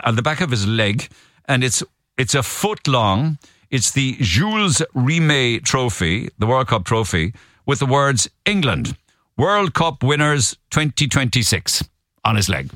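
A man's voice: lowish voice, a bit bright, no room sound, studio quality. A man with a Cork accent, hosting a radio show and chatting through the morning's newspaper stories with jokey asides. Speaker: radio host. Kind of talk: casual radio chat.

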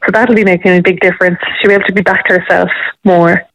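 A woman's voice: on the low side, fairly even intonation, fairly bright tone, no room sound, lo-fi sound. A woman, a mother calling into a radio show, talking fondly with many fillers. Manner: quick, fond talk full of fillers. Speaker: caller, parent. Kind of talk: radio phone interview.

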